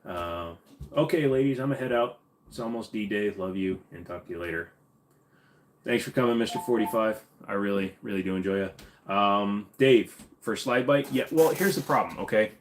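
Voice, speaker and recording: Minnesotan male host, very low voice, blunt opinions, casual Q&A. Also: a little hiss or hum. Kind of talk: casual livestream Q&A.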